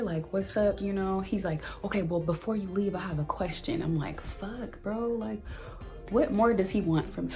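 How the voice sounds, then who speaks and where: A young woman vlogger telling a dating story in an animated, exasperated way, acting out the lines of both people. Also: mid-range voice, moderate pace, faint music behind. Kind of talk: storytime vlog.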